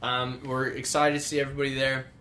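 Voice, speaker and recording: A man's voice: medium pitch, little pitch movement, fast talker, sharp tone, a little hiss or hum. A man co-hosting a casual podcast, rambling and laughing often, swearing casually. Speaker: podcast co-host.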